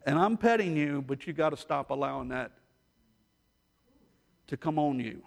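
A man's voice: fairly high pitch, lively intonation, normal speed, gravelly, long pauses. Storytelling preacher man, reverberant hall. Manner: storytelling preacher, swings between hushed and rising intensity. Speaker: pastor. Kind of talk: sermon.

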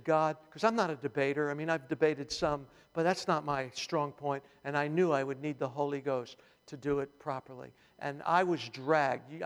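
A male pastor preaching a sermon, telling the story with animation and humor, in a church hall. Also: on the high side. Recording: long hall reverb.

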